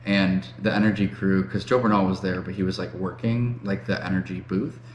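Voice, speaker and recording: Male podcast co-host, low voice, joking storyteller, echoey room with faint hiss. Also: little pitch movement, fairly quick, darkish tone, muffled recording. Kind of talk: casual chat.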